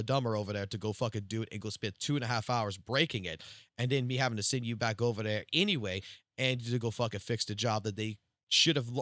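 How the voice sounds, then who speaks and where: Foul-mouthed, bright-voiced male streamer. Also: mid-range voice, no echo, clean studio sound. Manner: heavy swearing, animated storytelling. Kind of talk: casual storytelling on a live stream.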